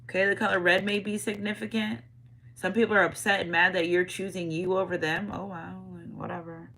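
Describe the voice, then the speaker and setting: A woman reads tarot for her viewers in a relaxed, slangy way, coming back again and again to the same pet phrases. Her voice is bright and forward, pitched in an ordinary middle range. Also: a little fast, a little hiss or hum, poor audio. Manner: slangy, repeats catchphrases, talks straight to viewers. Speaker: tarot reader. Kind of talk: casual tarot reading.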